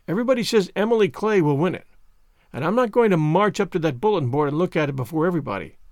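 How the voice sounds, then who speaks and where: A man's voice: fairly high pitch, no echo, studio quality. A man voicing an eager, dramatic teenage girl student, talking earnestly and effusively. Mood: anxious. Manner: earnest, effusive, quick when excited.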